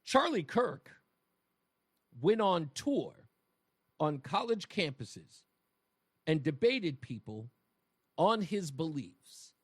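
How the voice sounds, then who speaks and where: A man's voice: a little high, big pitch swings, slow pace, pauses often, husky, no room sound, studio quality. A man hosting a talk radio show, delivering an emphatic monologue and speaking straight to his listeners with rhetorical questions. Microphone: studio microphone.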